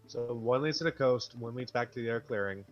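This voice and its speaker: Man, Southern US accent, mid-pitched, quick and stumbling, tabletop player. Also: lo-fi sound, faint music behind. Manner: talks fast, stumbles over words. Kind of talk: casual tabletop play.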